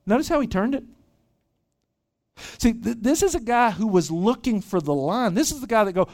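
A man's voice: high-pitched, expressive, brisk, a little mellow. A middle-aged male pastor giving a sermon, telling a story with lots of repeated word starts as he builds his point. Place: church retreat hall.

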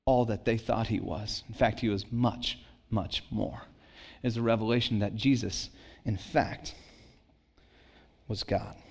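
A man preaching a sermon as a pastor, speaking conversationally with rhetorical questions, repeated words and restarts, and dropping low and soft for emphasis. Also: creaky.

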